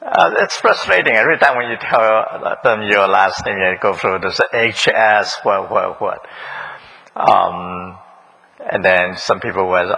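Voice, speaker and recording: A man's voice: lowish voice, a little slow, vocal fry, pushed and bright, breathy edge, low-quality recording. A man preaching a sermon in a church, questioning the congregation, repeating their answers and chuckling often. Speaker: pastor. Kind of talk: interactive sermon.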